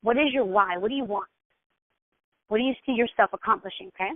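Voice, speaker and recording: A woman mentor talks her team through how to run a session, direct and instructive, checking in with "okay?" after each point. Her voice sits a little high. It comes through a narrow, phone-like line with no room echo. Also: fast talker. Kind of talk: coaching instruction.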